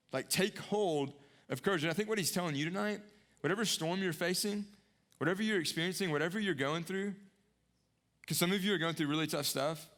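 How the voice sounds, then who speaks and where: Young guy preaching a sermon, high voice, earnest, swings from loud emphatic bits to quiet hushed ones. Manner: earnest, repetitive preaching, rising to emphatic peaks and dropping to hushed lows. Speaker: pastor.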